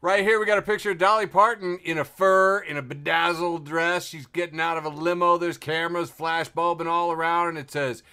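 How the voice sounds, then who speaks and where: A man's voice: fairly high pitch, fairly even intonation, brisk, hardly any pauses, sharp tone, clean tone. A man hosting a casual podcast, reading memes aloud with a wry tone and laughing often. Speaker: podcast host.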